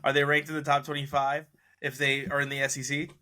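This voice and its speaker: A man co-hosts a casual sports podcast and argues his side in a skeptical, teasing way. His voice is bright and forceful, and he laughs often between points. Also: medium pitch, completely flat delivery, quick pace. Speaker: podcast co-host.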